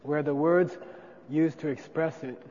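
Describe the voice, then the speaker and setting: A man's voice: fairly high pitch, fairly even intonation, unhurried, darkish tone. A man teaching a class, explaining ideas in a conversational way and often checking in with his listeners. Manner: conversational, checks in with frequent 'okay?'. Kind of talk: classroom lecture on Buddhist philosophy. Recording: dull lo-fi sound with long reverb.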